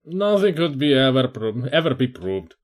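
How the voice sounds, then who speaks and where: A man's voice: medium pitch, very animated, normal speed, natural voice. A man voicing a cunning middle-aged male crook, a dealer, in an exaggerated put-on accent. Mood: sly.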